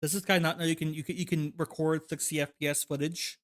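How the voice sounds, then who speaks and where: A man hosting a livestream, reacting to videos with rapid, profane, exasperated commentary. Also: on the high side, level tone.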